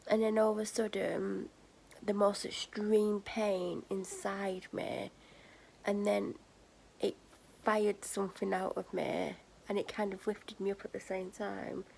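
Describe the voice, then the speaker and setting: A young woman vlogs to camera, worn out and drained, her mid-pitched voice carrying a gravelly fry. She talks frankly and often sinks into soft whispers and sighs. A faint hiss sits under the recording. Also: fairly even intonation, slow, rough recording. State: tired and drained. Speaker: vlogger. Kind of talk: casual personal storytelling to camera.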